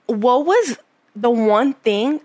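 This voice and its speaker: A woman's voice: a little high, slow. Heated, foul-mouthed woman telling a story. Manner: animated, swears a lot, gets heated. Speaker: podcast guest telling her story. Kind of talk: casual chat, storytelling.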